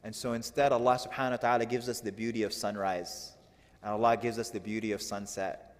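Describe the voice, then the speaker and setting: Animated male lecturer in a reverberant hall. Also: fairly low pitch, fast. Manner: animated, rhetorical questions to the audience. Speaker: religious teacher. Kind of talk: lecture explaining classical poetry.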